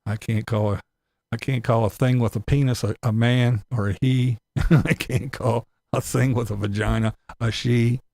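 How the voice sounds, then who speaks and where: Guy ranting on his channel, swears a lot, keeps laughing, mid pitch, super dry mic. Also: steady tone, normal speed, vocal fry, a little mellow, no room sound. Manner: profane, laughs often, sarcastic. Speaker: vlog commentator. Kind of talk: ranting commentary.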